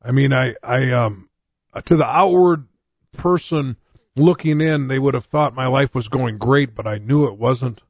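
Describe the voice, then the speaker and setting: A man's voice: mid-range voice, measured pace, no echo. A man in his sixties, a pastor from North Dakota, giving his personal testimony in a sermon in a candid, conversational way, with frequent restarts and wry jokes at his own expense. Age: 60s.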